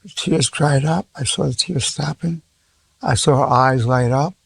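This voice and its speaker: Gravelly 80-something man teaching. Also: fairly high pitch, a little slow. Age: 80s. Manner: repeats words and restarts, acts out quoted dialogue. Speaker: psychologist giving a lesson. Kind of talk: informal teaching talk with anecdotes.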